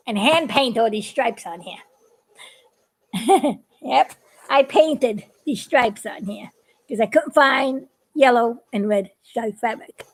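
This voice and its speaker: A woman's voice: fairly high pitch, low-quality recording. A woman who makes puppets, chatting casually and giggling as she shows how she builds them. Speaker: puppet maker. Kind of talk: casual craft demonstration.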